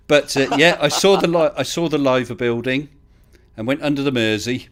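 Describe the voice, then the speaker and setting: A man's voice: medium pitch, steady tone, normal speed. A man hosting a live stream, chatting casually and laughing often. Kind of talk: casual chat. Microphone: voice chat call.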